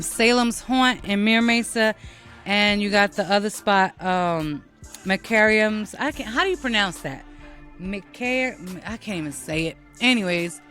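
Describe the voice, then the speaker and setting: A woman's voice: medium pitch, fairly bright tone. An American woman hosting her own show, talking casually to listeners in a blunt, profane and self-mocking way. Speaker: podcast host.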